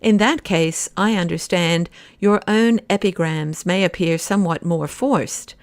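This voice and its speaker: A woman reading the part of an old male professor who speaks with slow, weighty simplicity. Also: fairly low pitch, no room sound. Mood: dry.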